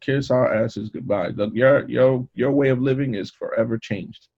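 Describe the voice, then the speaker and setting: A man's voice: mid-range voice, normal speed, vocal fry. A man in casual chat who talks in slang and fills with "you know". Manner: animated, slangy, says "you know" often. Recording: dull lo-fi mic.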